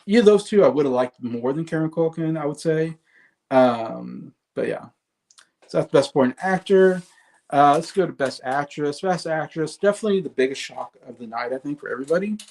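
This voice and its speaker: Male commentator, gravelly, easygoing chatter full of fillers and laughter. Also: fairly high pitch, expressive, fairly quick, a little mellow. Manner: chatty, laughs often, frequent fillers and restarts. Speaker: movie commentator. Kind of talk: casual solo commentary.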